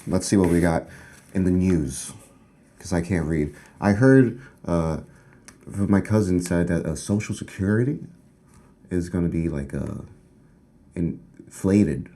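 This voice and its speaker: Low-voiced rambling comedian. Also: male voice. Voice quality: rambling, halting, with sudden loud outbursts. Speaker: comedian in a sketch. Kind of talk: deadpan sketch comedy monologue.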